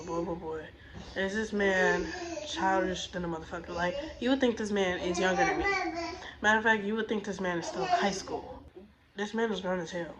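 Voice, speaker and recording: A woman's voice: mid-range voice, poor audio. A young woman telling a storytime tale in a blunt, exasperated, profane way. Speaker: storytime vlogger. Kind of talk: casual storytime rant.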